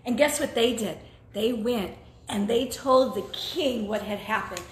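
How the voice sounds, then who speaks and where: A woman's voice: fairly high pitch, a little slow. A woman co-hosting a children's church lesson, telling the story in an encouraging way. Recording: echoey room, phone camera.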